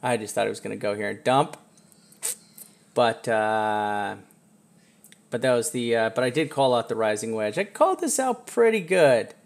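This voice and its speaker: A man hosting a trading live stream, talking casually over charts, chatty and self-mocking, with bursts of excitement. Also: mid-range voice, normal speed, creaky, long pauses.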